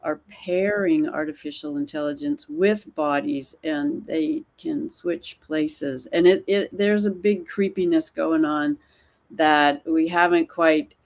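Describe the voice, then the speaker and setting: A woman's voice: sits low, fairly even intonation, takes it slowly. A woman co-hosting a casual online discussion, talking in a thoughtful, conversational way. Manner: conversational, thoughtful, with small laughs. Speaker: co-host.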